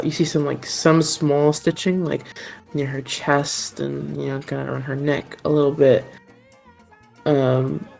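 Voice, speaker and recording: A woman's voice: low-pitched, a little mellow. A woman narrating a tabletop game as game master, meandering with many fillers.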